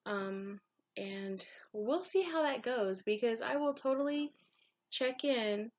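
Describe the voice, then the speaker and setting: A woman's voice: mid-range voice, gravelly. Candid rambling woman vlogging. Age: adult mother of young children. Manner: candid, rambling, with frequent ums and casual swearing. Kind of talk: confessional vlog monologue.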